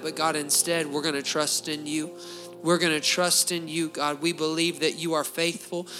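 Male pastor, mid-high bright voice, fervent repeating prayer over faint music. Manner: fervent, pleading, repeats phrases. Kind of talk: spoken prayer at a church service.

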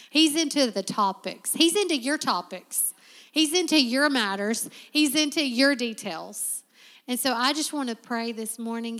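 A woman's voice: a little high, a bit bright. A woman preacher giving a heartfelt sermon and prayer in a church, with a repetitive preaching cadence. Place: church sanctuary. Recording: long reverb of a church hall.

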